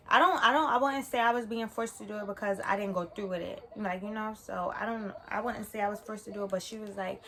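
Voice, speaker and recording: A young woman talks through a personal story from her bedroom. She rambles, backtracks and corrects herself with lots of fillers. Her voice sits at an ordinary middle pitch. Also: fairly even intonation, fast talker, vocal fry, few pauses, sharp tone. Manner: casual, rambling, self-correcting with many fillers. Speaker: vlogger. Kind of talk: storytime vlog.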